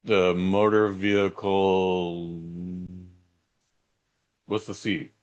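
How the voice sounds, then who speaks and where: A man's voice: low voice, flat delivery, very slow, muffled recording. A middle-aged man co-hosting a podcast in laid-back, joking banter. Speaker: podcast co-host. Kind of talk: casual chat.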